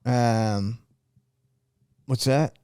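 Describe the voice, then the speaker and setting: A man's voice: medium pitch, steady tone, extremely slow, a little mellow, smooth, no echo. A young man co-hosting a podcast in casual chat, stumbling and restarting his sentences often. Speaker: podcast co-host.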